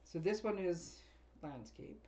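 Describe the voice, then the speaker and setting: A woman's voice: fairly low pitch, expressive, takes it slowly, warm tone, muffled recording. A woman craft demonstrator chatting casually as she unboxes and sorts a paper craft kit, rambling and often laughing.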